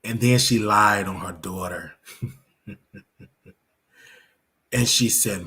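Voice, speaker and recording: A man's voice: on the low side, extremely slow, long pauses, bright, forceful tone. A man hosting a live reaction commentary show, talking in an emphatic, preachy way and repeating his points.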